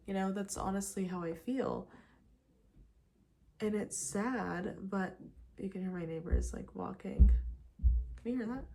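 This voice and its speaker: A young woman chatting casually while doing her makeup, talking fast and loose with lots of "like", sometimes dropping to a whisper. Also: medium pitch, a little hiss or hum. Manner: chatty and animated, full of "like" and "you guys", drops to whispers. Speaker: lifestyle vlogger. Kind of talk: casual get-ready-with-me chat. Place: her apartment.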